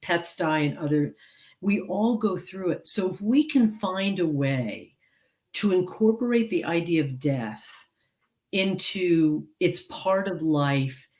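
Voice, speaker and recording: A woman's voice: lowish voice, lively intonation, takes it slowly, a little mellow. A woman author and counselor speaking as an interview guest over a video call, earnest and rambling with many fillers. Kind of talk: casual interview chat.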